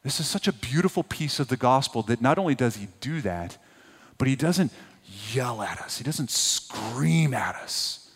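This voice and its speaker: A man preaching a sermon as a pastor, swinging between loud emphatic peaks and hushed, low passages. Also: animated, moderate pace, husky. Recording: long hall reverb.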